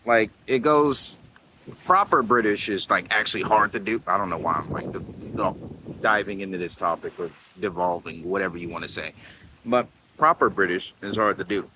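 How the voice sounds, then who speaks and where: A man's voice: deep voice, moderate pace. A young man vlogging casually on a rocky coastline, rambling and slangy as he films the waves on his phone. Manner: rambling and laid-back, slangy with "bro" and "man". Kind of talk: casual chat to camera. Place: outdoors crouched on a rocky coastline by crashing waves. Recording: wind noise and loud surf.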